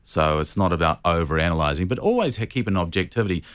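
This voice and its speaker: A man, a voice coach giving measured, reflective answers in a radio interview. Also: deep voice, animated, fairly bright tone, no room sound, studio quality. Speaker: voice and presentation coach.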